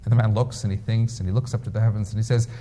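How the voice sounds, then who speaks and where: Rabbi preaching in a reverberant hall. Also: male voice, lowish voice, steady tone, racing, mellow. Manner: storytelling, emphatic. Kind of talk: sermon. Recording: long reverb.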